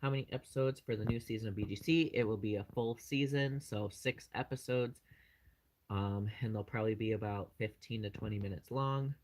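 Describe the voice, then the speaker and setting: A man's voice: lowish voice, brisk, a little mellow, a little hiss or hum, poor audio. A man hosting his channel, casually answering live chat questions in a rambling way with lots of fillers.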